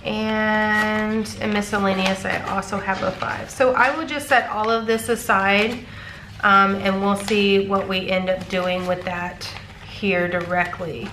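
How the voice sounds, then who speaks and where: A stuffy-nosed woman in her thirties chats easily as she counts out cash, with lots of little ums along the way. Her voice sits at a middle pitch and rings off the walls of an echoey room. A faint hum of room noise sits under her voice. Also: level tone, measured pace. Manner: chatty, frequent ums, counting bills aloud. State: congested. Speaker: cash budgeting vlogger. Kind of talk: casual chat.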